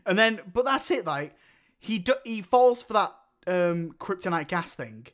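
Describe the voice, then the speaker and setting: A man's voice: sits high, animated, measured pace, a bit bright. A man co-hosting a casual film review podcast, rambling and often breaking into laughter. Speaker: podcast co-host.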